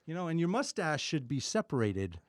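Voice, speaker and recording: A middle-aged man talking casually on a podcast, his pitch leaping up and down as he jokes. He tells stories and acts out the voices of other people. The sound is dry and close, with no room echo. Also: a little fast. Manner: joking, animated storyteller who acts out quoted voices. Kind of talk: casual chat.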